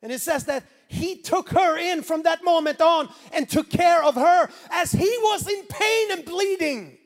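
A man from Sweden with a Swedish accent, preaching a sermon as pastor, animated and swinging between quiet asides and loud preaching. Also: very high voice, unhurried, long reverb tail.

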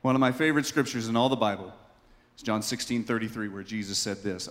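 A man's voice: fairly low pitch, fast, big-room sound. Impassioned man preaching a sermon. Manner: impassioned, swinging from hushed to loud. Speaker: pastor.

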